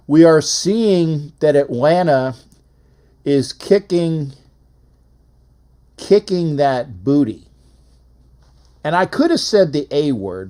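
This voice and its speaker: A man's voice: mid-range voice, warm tone. A man hosting a casual live call-in sports show, rambling and repetitive as he reads out phone numbers.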